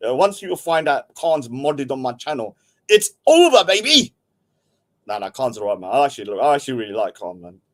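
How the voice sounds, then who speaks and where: A man's voice: medium pitch, animated, brisk, fairly bright tone. Rambling, jokey man streaming. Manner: rambling, jokey, reads chat aloud. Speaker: livestream host. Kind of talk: casual livestream chat.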